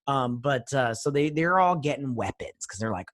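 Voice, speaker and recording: A man's voice: mid-range voice, animated, brisk, dry recording, clean studio sound. Rambling man reviewing a TV episode. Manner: rambling, frustrated, many fillers. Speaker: TV review vlogger. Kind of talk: casual spoken review.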